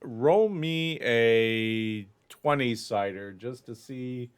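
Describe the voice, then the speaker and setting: A man narrating as game master of a tabletop game, measured and correcting himself as he goes. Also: mid-range voice, clear, resonant tone.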